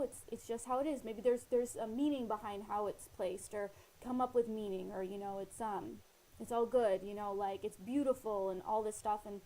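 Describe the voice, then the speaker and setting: A woman's voice: on the high side, warm tone, low-quality recording. A woman talking earnestly to camera, rambling a little with fillers as she shares personal advice. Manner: earnest, rambling, many fillers and retold dialogue. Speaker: vlogger sharing personal advice. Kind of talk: casual personal talk to camera. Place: living in Australia.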